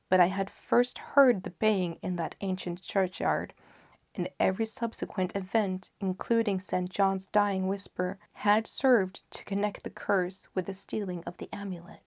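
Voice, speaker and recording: A woman reading a gothic horror story aloud in a hushed, often half-whispered voice with slow, dramatic pacing. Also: mid-range voice, dry recording, studio quality. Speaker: audiobook narrator.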